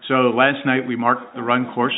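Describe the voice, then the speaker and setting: A man's voice: medium pitch, little pitch movement, moderate pace, crowd noise. Man, casual co-host, rambling and good-humored, mid-range voice, tinny phone-like sound. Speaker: co-host and race helper. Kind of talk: casual chat and event narration. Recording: phone-like lo-fi audio.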